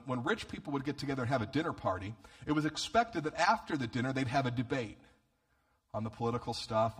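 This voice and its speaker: Delivering a sermon in a medium-pitched voice, this male pastor is lively and funny, frequently repeating words at the start of phrases.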